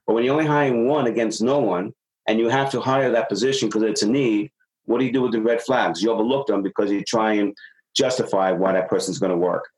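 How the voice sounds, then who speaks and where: A man's voice: fairly low pitch, low-quality recording. A man working as a business consultant, giving advice in a casual talk and acting out dialogue as he tells stories. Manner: animated storyteller acting out dialogue.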